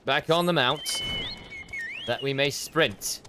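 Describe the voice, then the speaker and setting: A man's voice: a little high, takes it slowly, bright, forceful tone, a little hiss or hum. Man muttering game commentary. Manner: muttering to himself while playing. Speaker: streamer. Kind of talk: gameplay commentary.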